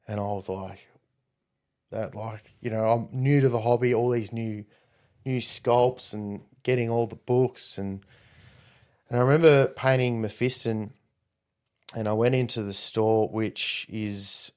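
A man's voice: on the low side, measured pace. Rambling man telling a story. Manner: rambling, animated when quoting others. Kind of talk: casual storytelling chat.

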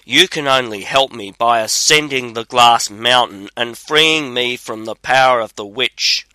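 A man's voice: mid-range voice, unhurried, bright, forceful tone, clear, resonant tone, no echo, low-quality recording. A man reading the lines of a frightened young king's daughter under a witch's spell. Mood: fearful.

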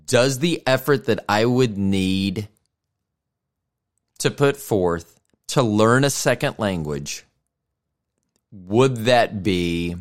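A middle-aged man hosting a casual solo podcast, rambling and self-deprecating as he thinks out loud. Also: on the low side, lively intonation, takes it slowly, long pauses. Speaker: podcast host.

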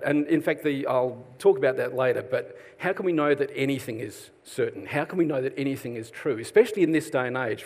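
Middle-aged Australian man, relaxed self-deprecating sermon delivery, long reverb of a church hall. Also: mid-range voice. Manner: chatty, self-deprecating, jokes with the congregation. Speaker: preacher.

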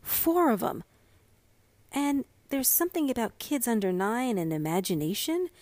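A woman voicing an excitable, scheming little girl who talks eagerly and a bit whiny in a storybook reading. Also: on the high side, normal speed, no room sound, voice pushed up. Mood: excited.

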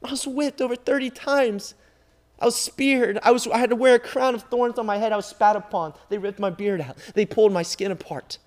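A man preaching, voicing Jesus as a suffering grown man crying out fervently, higher and louder than his usual talk. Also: brisk, natural voice. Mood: anguished.

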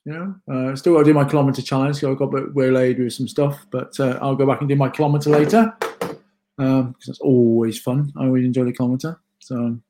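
A man's voice: medium pitch, a little mellow. Chatty British man hosting a morning show. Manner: chatty, joking, upbeat. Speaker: co-host of a morning wellness show. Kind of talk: casual morning show chat. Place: home kitchen.

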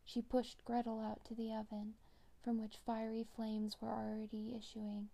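Brief: woman narrator, hushed bedtime fairy-tale reading, gravelly, dark and even. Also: on the high side, moderate pace, hardly any pauses. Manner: hushed, half-whispered reading. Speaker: podcast host reading fairy tales. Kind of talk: soft bedtime storytelling.

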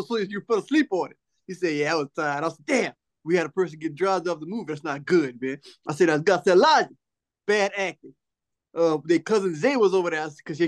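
A man's voice: on the high side, quick pace. A man co-hosting a podcast, telling a casual story and mimicking the family members he quotes. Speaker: podcast co-host. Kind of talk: casual chat.

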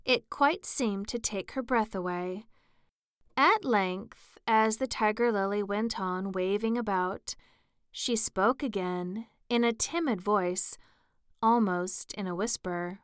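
A woman narrating a storybook at an unhurried pace. Her voice is smooth and close, with a dry sound and no room around it. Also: mid-range voice, no room sound. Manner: measured and clear. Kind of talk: audiobook narration.

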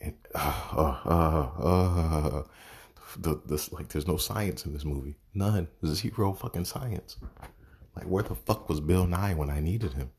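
A man's voice: rumbling low, a little slow, a little mellow, breathy edge. A man giving a casual, profane movie review, exasperated and sarcastic, swearing constantly.

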